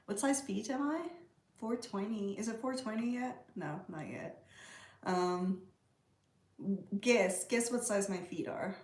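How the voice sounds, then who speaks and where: A woman's voice: mid-range voice, slow, darkish tone, roomy sound. A woman from Canada hosting a casual livestream, chatting and answering viewer comments. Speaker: livestream host. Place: room at home with a pet bird.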